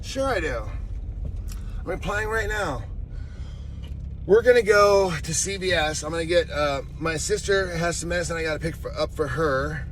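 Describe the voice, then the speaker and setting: A man chats to his live-stream viewers through a mobile phone, his voice sitting high. He rambles, circles back on himself and reads out replies to comments. Traffic and street noise come through clearly around him. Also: normal speed, a bit bright. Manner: rambling, answers chat messages aloud, frequent restarts.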